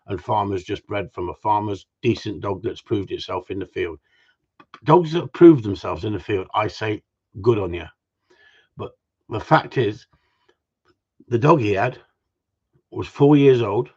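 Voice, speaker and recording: Blunt, husky-voiced man. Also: lowish voice, darkish tone, lo-fi sound. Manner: blunt, opinionated, repeats himself. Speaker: gundog trainer. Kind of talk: casual livestream chat.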